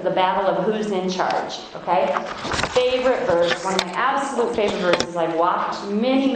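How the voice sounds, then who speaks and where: A middle-aged woman from Iowa giving a devotional Bible talk at a women's conference, speaking earnestly and slowing down to read verses. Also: medium pitch. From Iowa, United States. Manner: earnest, emphatic, reads verses slowly; self-described feisty. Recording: very echoey hall, faint noise.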